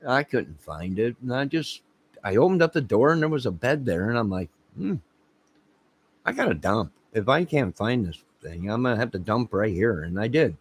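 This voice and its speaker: A man with a husky, mid-range voice hosts his own channel, telling a rambling comic anecdote straight to camera at a moderate pace. He's very animated, laughing at his own jokes and acting out the quotes.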